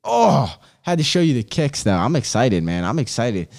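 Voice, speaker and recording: A man's voice: mid-range voice, very animated, moderate pace, creaky, a little mellow. A man in his twenties hosting a casual podcast chat. He rambles in loose slang, swears freely, and keeps throwing in "bro" and "dude". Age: 20s. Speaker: podcast host.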